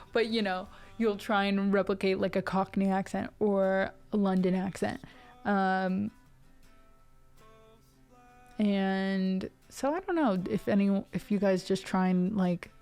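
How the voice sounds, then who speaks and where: A woman's voice: medium pitch, darkish tone. American woman in her 20s just chatting on stream, goes off on tangents, um like a lot, faint music in the back. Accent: neutral General American. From Ohio, USA. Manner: rambling, chatty, full of tangents and fillers. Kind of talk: casual chat to a live stream.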